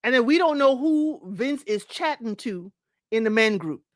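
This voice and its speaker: This podcast host reads her live chat aloud and chats animatedly at a moderate pace, laughing often during a casual recap. Her voice sits a little high. It's a studio-quality recording without echo.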